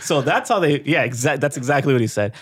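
A man's voice: mid-range voice, fast, no echo, clean studio sound. A man casually ranting and telling a story as a podcast co-host, swearing freely and laughing often. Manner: profane, animated, laughs often.

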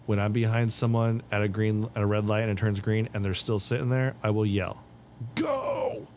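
A man's voice: fairly low pitch, little pitch movement, a little fast, a little mellow, slight background noise. A man on a podcast, chatting casually and telling rambling stories, acting out what people said. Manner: rambling storyteller, acts out quotes. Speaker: podcast co-host. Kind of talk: casual chat.

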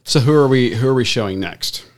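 A man's voice: mid-range voice, brisk. A man co-hosting a running podcast, upbeat and teasing as he introduces each segment. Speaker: podcast co-host. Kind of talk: casual chat.

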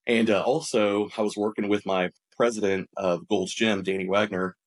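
Lower-voiced man telling his business story. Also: normal speed. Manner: animated, acts out quoted dialogue; frequent restarts and repeated words. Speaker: business owner, podcast guest. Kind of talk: conversational storytelling.

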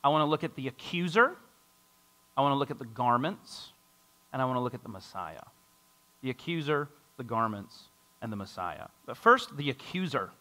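A man's voice: mid-range voice, a little fast. A man preaching a sermon to a congregation, reading scripture and acting out a doubter's voice. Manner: lively preaching with a mocking skeptic voice and scripture reading. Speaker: pastor.

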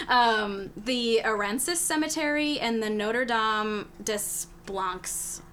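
A woman's voice: on the high side, slow, few pauses, fairly bright tone, a little hiss or hum. A woman hosting a podcast, recapping history in casual, chatty talk, swearing freely and laughing often. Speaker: podcast host.

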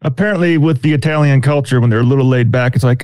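A man's voice: medium pitch, fast talker, a little mellow, clear, resonant tone, no room sound. Joking male podcast co-host, dry sound. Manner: joking, teasing, profane. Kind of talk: casual podcast chat.

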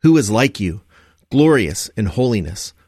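A man reading morning prayer and scripture aloud in a measured, steady recitation. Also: on the low side, no room sound, studio quality. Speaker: liturgy reader.

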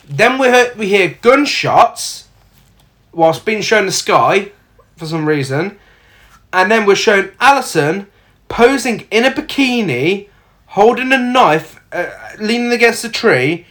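A podcast co-host tells the plot in a casual, sardonic way and swears freely. The pitch swings widely, which keeps the delivery animated. Lines from the film are acted out along the way. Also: unhurried.

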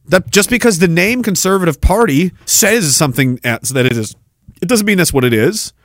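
A man's voice: sits high, animated, normal speed, fairly bright tone, no room sound, clean studio sound. Sarcastic, swearing man ranting. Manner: sarcastic, heavy swearing, mocking asides. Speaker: podcast host. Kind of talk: profane solo rant, reading viewer comments.

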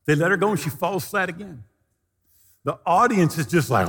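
A male pastor preaching a sermon, telling stories with animated delivery and shouting the quoted lines. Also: high-pitched, a little fast, big-room sound.

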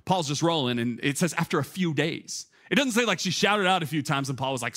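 A man in his thirties delivers a sermon as a pastor. His voice sits high for a man and stays animated and chatty, padded with filler words, and it climbs toward near shouts as he builds. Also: fairly quick, few pauses.

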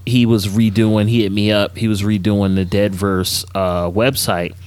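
A man co-hosting a podcast in casual chat, relaxed and slangy with many fillers. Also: on the low side, a little slow, clear, resonant tone, no room sound. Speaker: podcast co-host.

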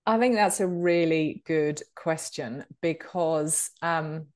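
A woman's voice: low voice, takes it slowly, a little mellow, no echo, clean studio sound. A British woman in her fifties, a guest on a podcast, talking in a chatty, good-humored way with plenty of ums. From Britain. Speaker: podcast guest, author and speaker. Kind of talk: conversational interview.

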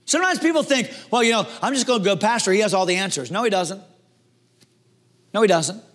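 Man, pastor, sermon, high voice, animated, hushed to loud. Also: brisk. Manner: animated preaching, acts out quoted voices, swings from hushed to loud.

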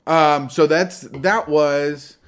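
A young man co-hosting a comedy podcast, trading crude jokes in loose banter. His voice sits a bit high for a man, and he gets loud and fast when he's riled up. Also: fairly even intonation. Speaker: podcast co-host.

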